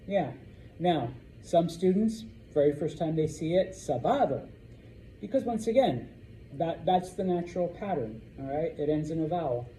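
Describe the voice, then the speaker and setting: A man teaching a Spanish class to students, repeating words slowly to model their pronunciation. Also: on the high side, dark tone, slight background noise, poor audio. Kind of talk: classroom lesson.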